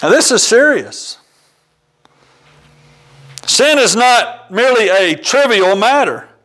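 A man's voice: very high voice, big pitch swings, slow, fairly bright tone, low-quality recording. A man preaching a sermon, earnest and citing scripture by chapter and verse, with homely examples. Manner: uses homely examples, occasional ums.

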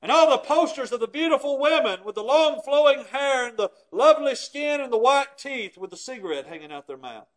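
A man preaching with a strikingly high voice. He tells stories and slips into the voices of the people he quotes. Often his volume falls away to a near hush for emphasis. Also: animated, a little fast, hardly any pauses. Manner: storytelling, acts out quoted voices, dramatic drops in volume. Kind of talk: sermon.

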